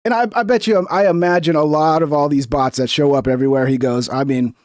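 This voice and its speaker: A man's voice: fairly high pitch, fairly even intonation, fast talker, dry recording, studio quality. Fired-up sarcastic man ranting. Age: 30s or older. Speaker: reaction show host. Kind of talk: profane political reaction commentary.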